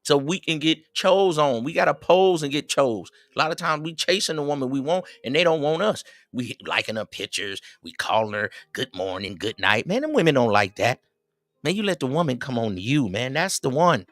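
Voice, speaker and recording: A middle-aged man, hosting a livestream and giving preachy, animated advice to his viewers. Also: medium pitch, normal speed, dry recording. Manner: preachy, animated, quotes others in raised voices. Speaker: livestream host. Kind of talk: casual advice talk to viewers.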